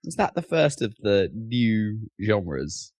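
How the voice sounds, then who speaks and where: A man's voice: lowish voice, very animated, slow pace, a little mellow, no echo. A man co-hosting a podcast in casual chat, rambling and hedging with lots of "like". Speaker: podcast co-host.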